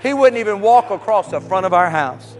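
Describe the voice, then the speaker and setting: A man preaching a sermon, swinging from soft, low passages to loud shouted cries. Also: expressive, fairly quick, big-room sound. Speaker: pastor.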